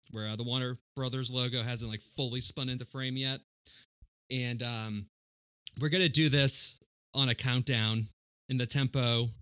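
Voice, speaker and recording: Bright-sounding guy hosting a movie podcast, jokey, dry mic. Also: medium pitch, no echo. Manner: joking, teasing. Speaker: podcast co-host. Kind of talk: casual podcast chat.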